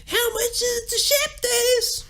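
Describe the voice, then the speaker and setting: A man doing a mocking impression of a male rock singer, in a high strained falsetto wail. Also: fairly even intonation, takes it slowly, vocal fry, pushed and bright, heavily acted.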